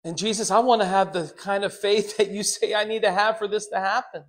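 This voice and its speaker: A man's voice: high-pitched, fairly quick. A man preaching a sermon, talking straight to his congregation and acting out the quotes he tells. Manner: animated, dramatizes quotes with put-on voices; talks directly to congregation members. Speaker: pastor.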